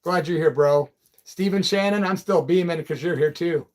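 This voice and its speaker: High-voiced man chatting live. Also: moderate pace, darkish tone. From Peoria, Illinois. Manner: loose, friendly, calls people brother and man. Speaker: livestream and radio host. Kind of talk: casual live chat reading viewer comments.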